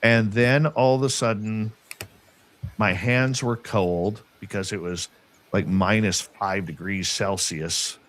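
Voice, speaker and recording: Man, middle-aged, lowish voice, animated storyteller, acts out others' lines. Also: takes it slowly, slight background noise. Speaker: guest telling an encounter story. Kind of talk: casual storytelling.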